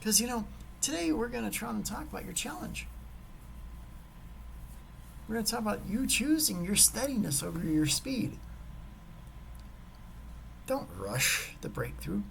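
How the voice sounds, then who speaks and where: A gravelly male motivational speaker with a very lively, rising-and-falling delivery. He swings between punchy emphasis and dropping to a whisper. A faint hiss runs under the recording. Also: sits high, measured pace, long pauses, poor audio. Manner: animated, swinging from loud to whispered. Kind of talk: motivational talk with a personal story.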